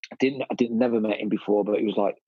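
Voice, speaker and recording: Husky DJ telling stories bluntly. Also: male voice, on the low side, very fast, no room sound, dull audio. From Birmingham, England. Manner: animated, blunt storyteller with lots of "you know" and "mate". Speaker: DJ and guest. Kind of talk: casual storytelling interview.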